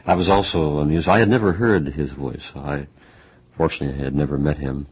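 A male radio host interviews an author in a very deep, husky voice. He asks his questions in a measured way and pauses often. The sound is dull and muffled. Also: fairly even intonation, darkish tone. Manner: measured, hesitant with frequent uhs. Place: New York radio studio.

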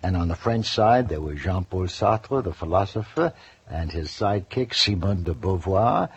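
An older man, a former news correspondent, telling lively anecdotes in an interview and acting out the quotes. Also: sits low, moderate pace, slightly rough. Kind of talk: storytelling interview. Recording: dull lo-fi radio recording.

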